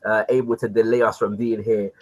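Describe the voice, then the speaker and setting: A man hosting a live online talk show, greeting his viewers. He talks in an animated, informal way, with many "you know what I mean" fillers. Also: on the low side, a little fast, poor audio. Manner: animated, repeatedly addresses viewers as kings and queens. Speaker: livestream show host.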